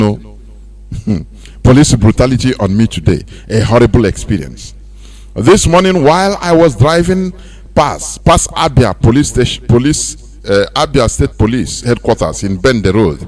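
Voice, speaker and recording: A Nigerian man hosting a radio talk show, speaking in a loose, animated monologue that mixes in pidgin. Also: medium pitch. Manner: animated, mixing pidgin and laughing asides. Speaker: radio host.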